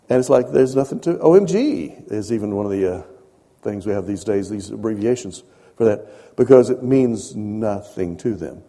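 A man preaching a sermon in a conversational way, repeating phrases and swinging from soft asides to emphatic points. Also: on the low side, lively intonation, normal speed, long reverb tail.

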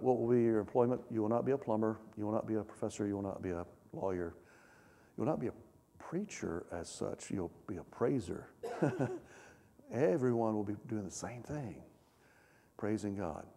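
A man preaches a sermon, reading scripture aloud with swelling emphasis and turning to his listeners with questions. His voice sits low and sounds dark and mellow. It rings with the long reverb of a large hall. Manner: reads scripture aloud with rising emphasis, asks the congregation questions. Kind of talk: sermon, Bible teaching.

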